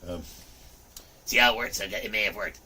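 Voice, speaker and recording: Middle-aged guy ranting and rambling on a livestream, swears a lot, really bright edgy voice, kinda far from the mic. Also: fairly low pitch, fairly quick, slightly rough. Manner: profane, rambling, loud outbursts. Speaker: livestream host. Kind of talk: rambling casual livestream chat.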